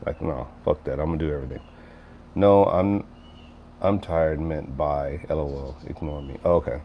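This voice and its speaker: A deep-voiced middle-aged man chatting loosely on a livestream, rambling from one thought to the next as he answers his viewers. A faint hiss sits under his voice. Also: steady tone, normal speed, muffled recording. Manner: rambling, conversational, reads chat aloud. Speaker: livestream host. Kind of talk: casual livestream chat.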